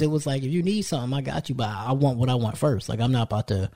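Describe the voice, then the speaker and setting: A man's voice: medium pitch, rapid-fire, warm tone. A young man co-hosting a casual podcast, telling brash stories and acting out the people in them with a raised voice. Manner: brash storytelling, acts out quoted people in raised voice. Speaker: podcast co-host.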